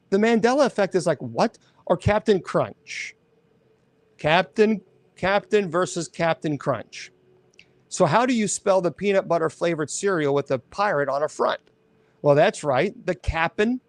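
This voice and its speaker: Male host, casual chat, rambling and animated, slightly high voice, dry close sound. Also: measured pace, dry recording. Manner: rambling, animated, self-correcting.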